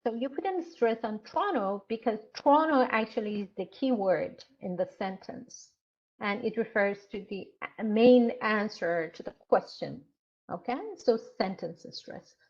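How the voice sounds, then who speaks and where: A woman instructor giving an online lecture, explaining slowly with frequent hesitations and fillers. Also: mid-range voice, lively intonation, darkish tone, muffled recording.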